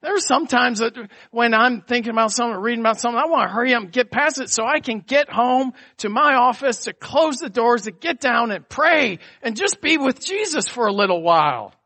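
A middle-aged man pastor delivering a sermon in an animated, conversational way, with asides to the congregation. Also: extremely high pitch, fairly quick, few pauses.

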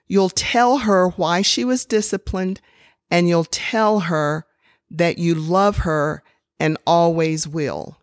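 An older woman talks through parenting advice in a calm, instructive way. She speaks slowly, and her voice sits a little low. The sound is dry and close, with no room around it. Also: no echo. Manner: calm, instructive, tells personal stories. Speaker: parenting advisor. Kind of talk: slow, measured advice talk.

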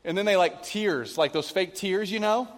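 A man's voice: high voice, normal speed, a little hiss or hum. A male pastor giving a conversational sermon, asking his congregation questions, in a church venue. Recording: long hall reverb.

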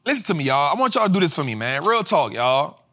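A male host teaching personal finance to a live audience in a casual, slang-filled way, swinging into sermon-like, sung-out shouts. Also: a little high, very animated, fast talker. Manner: preacher-like cadence, rising to shouts. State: tired after a flight. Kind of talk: motivational livestream teaching.

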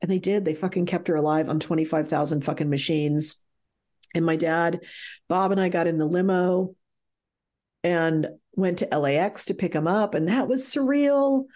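A woman's voice: on the low side, normal speed, warm tone. Frank woman telling a personal story. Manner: emotional, frank, swears freely. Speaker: author and interview guest.

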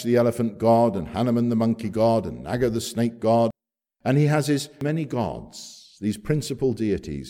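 Lively, mellow-toned preacher. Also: male voice, medium pitch. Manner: storytelling, emphatic with wide swings in loudness. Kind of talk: gospel sermon.

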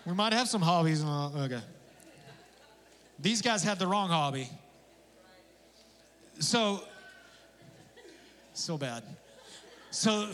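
A male pastor, speaking unhurriedly with long pauses, preaches a lively, conversational sermon full of jokes and casual asides. His voice rides high and bright. The long reverb makes it seem to fill a large sanctuary.

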